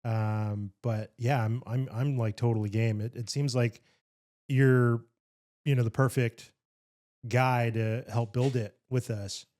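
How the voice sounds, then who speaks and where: A man's voice: medium pitch, steady tone, slow, a little mellow. A man hosting a podcast interview, asking questions in a laid-back, friendly way. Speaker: podcast host. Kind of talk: casual interview chat.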